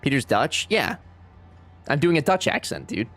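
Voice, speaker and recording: A young man chatting over his gameplay in a lively, bouncy voice that jumps up and down in pitch. He jokes, swears freely and slips into goofy accents. Soft music plays faintly behind him. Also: moderate pace. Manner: swearing, joking, reads game dialogue aloud in silly accents. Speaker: streamer. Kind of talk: casual gameplay commentary.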